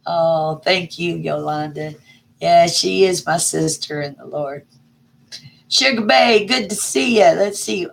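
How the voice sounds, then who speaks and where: A middle-aged woman, chatting casually on a livestream and greeting viewers by name with folksy warmth. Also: on the low side, takes it slowly, vocal fry. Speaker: livestream host. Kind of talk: casual live chat reading viewer comments.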